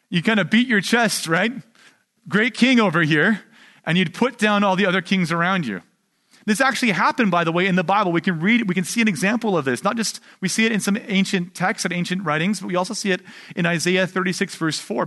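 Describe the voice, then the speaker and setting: Brief: male pastor with a high voice, casual and emphatic sermon delivery, punctuated by rhetorical asides. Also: fairly bright tone. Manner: emphatic, conversational preaching with rhetorical "right?".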